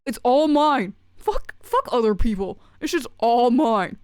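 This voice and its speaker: Woman doing a greedy male pet frog, whiny, huffy, high voice, dry close sound. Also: animated, unhurried, darkish tone, clean tone, dry recording. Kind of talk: streamer doing a character voice.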